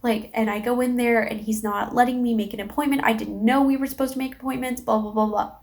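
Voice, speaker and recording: A woman's voice: fairly high pitch, fast talker. Candid young woman vlogger telling a story. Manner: candid and expressive, swears freely, acts out quoted dialogue. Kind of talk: casual personal storytelling.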